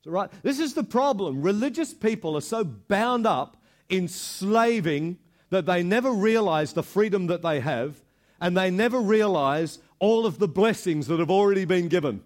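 Brief: high-pitched male preacher, lively storytelling sermon. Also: normal speed. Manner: animated storytelling, repeats words. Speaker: pastor.

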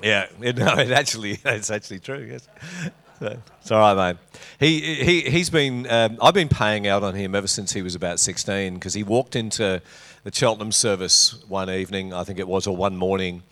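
A man's voice: on the low side, normal speed, fairly bright tone. A middle-aged man with an Australian accent, preaching a sermon to his congregation in a church, full of teasing banter and jokes. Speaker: pastor. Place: church auditorium.

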